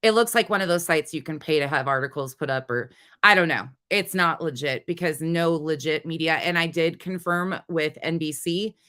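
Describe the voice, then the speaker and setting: A woman's voice: lowish voice, a bit bright, clear, resonant tone. A woman hosting a livestream, talking to her chat in a heated, swearing, casual way. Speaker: livestream host.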